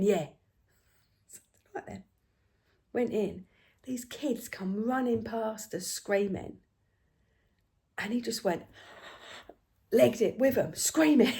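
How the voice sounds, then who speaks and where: A woman's voice: medium pitch, vocal fry. Chatty older woman storyteller. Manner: chatty, animated storytelling, dropping to hushed asides. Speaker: craft vlogger. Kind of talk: casual storytelling while stitching.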